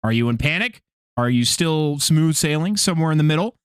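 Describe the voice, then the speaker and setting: A man co-hosting a casual hockey podcast, goofy and animated, swearing and restarting sentences. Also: on the high side, fairly quick, clear, resonant tone, dry recording, studio quality. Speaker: podcast co-host.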